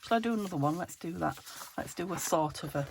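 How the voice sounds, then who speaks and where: A woman from the UK hosting a casual craft tutorial, chatty and self-chiding as she thinks aloud while working, her voice still slightly croaky. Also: fairly low pitch, expressive, quick pace, slight background noise. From United Kingdom. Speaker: crafting channel host.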